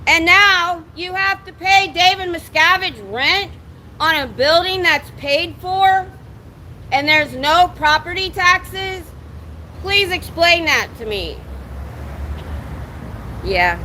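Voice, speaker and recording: A woman protesting outdoors near a building's door, projecting her voice loudly in an indignant, challenging drill-sergeant manner while livestreaming on a phone. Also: very high-pitched, slow, a little hiss or hum. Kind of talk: loud street protest speech.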